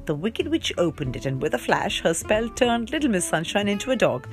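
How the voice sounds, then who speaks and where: A woman reading a children's storybook aloud in an animated, giggly, playful way. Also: mid-range voice, fairly quick, few pauses, soft background music. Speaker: reader.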